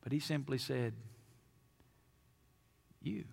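A man from Alabama with a Southern accent, preaching a sermon as pastor, emphatic and animated with playful asides to the congregation. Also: mid-range voice, takes it slowly, vocal fry, breathy edge. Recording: long hall reverb.

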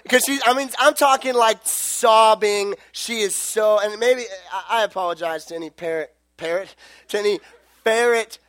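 A man's voice: high voice, normal speed, fairly bright tone, no room sound. A young man preaching in a casual, rambling storytelling way, full of fillers and self-corrections.

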